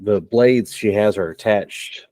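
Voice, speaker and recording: A man running a tabletop game as game master, narrating with relaxed banter and frequent laughs. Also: lowish voice, takes it slowly, dry recording.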